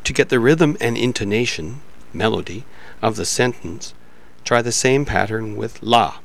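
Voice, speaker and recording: A man narrating a pronunciation lesson in a measured, explanatory reading style. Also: medium pitch, vocal fry, fairly bright tone. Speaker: pronunciation instructor.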